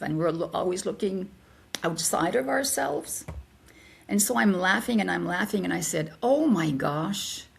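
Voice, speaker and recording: An older woman, guesting in an interview, tells a personal story with lots of animation and acts out the voices she quotes. Her voice is medium-pitched with vocal fry.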